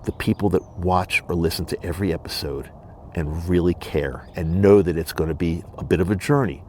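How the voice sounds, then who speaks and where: A man's voice: deep voice, a little fast, warm tone, slight background noise. A man hosting his own podcast, talking alone in an earnest, emphatic way and repeating his points. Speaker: podcast host. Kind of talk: solo monologue. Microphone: studio microphone and camera.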